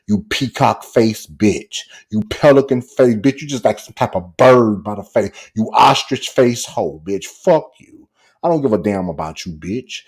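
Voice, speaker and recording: A man's voice: fairly low pitch, a little mellow, breathy edge. A man delivering a furious, profane, taunting livestream rant.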